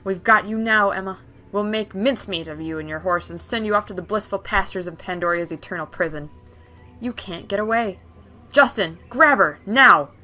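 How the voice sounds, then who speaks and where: A woman voicing a sneering game villain who shouts threats. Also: medium pitch, a little fast, soft background music, natural voice. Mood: gloating. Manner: loud, sneering. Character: gloating menacing villain ambushing a rider.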